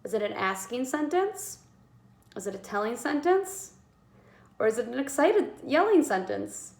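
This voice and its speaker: A woman teaching a kindergarten writing lesson, sounding out letters slowly and encouraging young children. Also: on the high side, big pitch swings, a little mellow, echoey room.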